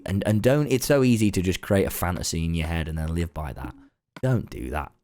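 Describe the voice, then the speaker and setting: A man's voice: low voice, a little fast, darkish tone, no echo. A young man chatting casually in a late-night vlog, rambling and laid-back and swearing now and then. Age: young adult. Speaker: online content creator.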